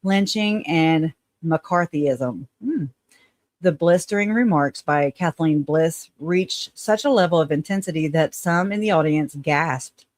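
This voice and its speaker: A woman's voice: low-pitched, a little slow, a little mellow, no echo, studio quality. Sarcastic woman with a Southern twang. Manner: sarcastic asides, reads with stumbles. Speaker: host. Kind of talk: casual commentary, reading articles aloud.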